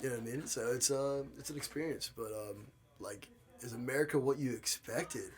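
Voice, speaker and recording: A man's voice: mid-range voice, a little fast. A young man, a college student hosting a casual chat, curious and rambling with many fillers. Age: young adult. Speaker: college student, podcast host.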